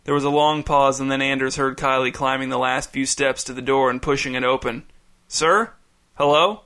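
A male narrator reads a story aloud as audiobook narration, keeping a steady, measured delivery. His mid-range voice sounds bright and crisp.

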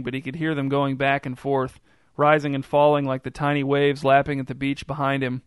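Man narrating a story in a flat, smooth voice. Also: mid-range voice, fairly quick, dry recording, clean studio sound.

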